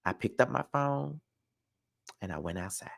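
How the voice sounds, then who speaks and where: A man's voice: medium pitch, animated, moderate pace, creaky, a bit bright. A man telling a personal story to camera in a casual storytime vlog, emphatic and profane. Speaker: vlogger.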